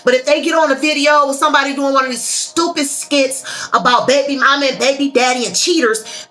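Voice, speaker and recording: A woman's voice: sits high, brisk, a bit bright, soft background music. A woman giving an earnest, emphatic spiritual talk to her viewers, often calling out to them directly. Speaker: tarot and spiritual reader. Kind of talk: casual spiritual monologue to viewers.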